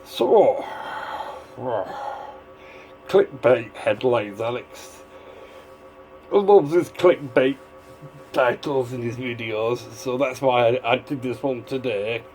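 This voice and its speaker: A man's voice: mid-range voice, slow pace, long pauses, darkish tone, faint music behind, rough recording. A man giving a casual, rambling video commentary, drifting between asides. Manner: rambling, digressive, full of fillers and restarts. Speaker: vlogger.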